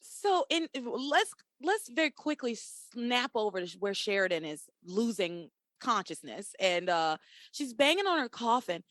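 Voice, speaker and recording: A woman co-hosting a podcast, recapping a soap opera in casual, animated chat, laughing and swearing often. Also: on the high side, a little slow, dry recording. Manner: animated, profane, laughs often, acts out characters' lines. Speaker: podcast co-host.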